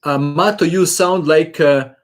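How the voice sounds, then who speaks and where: A man's voice: on the high side, fairly even intonation, unhurried, faint music behind. A man, a chess channel host chatting casually in a live-stream question and answer session, hesitant with many fillers.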